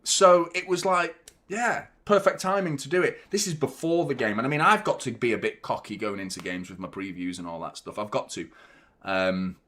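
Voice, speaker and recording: A man hosting a live football watchalong, chatting excitedly and nervously while reading out viewer messages from a hot glass-walled room. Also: mid-range voice, moderate pace. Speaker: host of a football fan channel.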